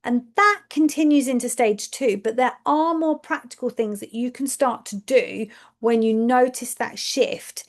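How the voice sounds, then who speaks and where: A woman's voice: on the high side, measured pace. A woman, a speech and language therapist giving a webinar presentation to educators, explaining step by step, checking in with her listeners and repeating words for emphasis.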